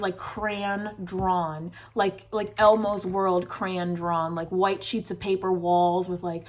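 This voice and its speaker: Rambling young woman telling a story. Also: medium pitch. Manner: rambling, filler-heavy, uses "like" constantly. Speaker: vlogger. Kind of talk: casual storytime.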